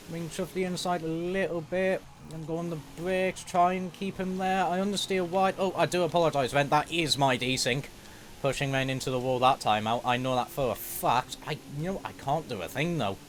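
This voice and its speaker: A young man giving excitable, fast-moving play-by-play of his own racing game, swearing when things go wrong. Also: fairly high pitch, slight background noise. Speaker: gaming YouTuber. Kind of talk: live racing game commentary.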